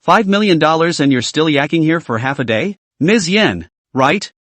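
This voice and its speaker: A man's voice: on the high side, animated, moderate pace, a bit bright, no room sound. A man voicing a cold, impatient young man with a curt, dismissive delivery. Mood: scornful.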